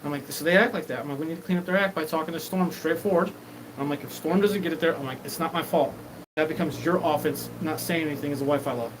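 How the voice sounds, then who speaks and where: Male host, slightly high voice, rambling and profane, noisy recording. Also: fast talker. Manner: disjointed, profane, jumps between topics. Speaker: show host. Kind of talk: rambling live monologue. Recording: noisy background.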